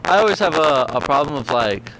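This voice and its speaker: A man's voice: fairly high pitch, big pitch swings, a little fast, fairly bright tone, a little hiss or hum, poor audio. A young man hosting a casual podcast, laid-back and chatty, wrapping up the episode. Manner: laid-back, short back-channel replies. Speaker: podcast host. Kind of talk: casual chat.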